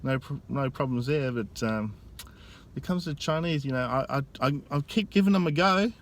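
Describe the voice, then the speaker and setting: A man telling a story in a casual vlog, speaking into a phone camera outdoors in a busy tourist area. He talks in a rambling, halting way with frequent restarts. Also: a little high, slight background noise. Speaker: vlogger.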